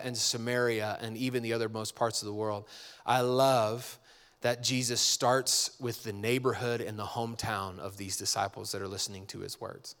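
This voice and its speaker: A man preaching a sermon as a pastor, talking in a conversational, animated way and acting out little dialogues. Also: medium pitch.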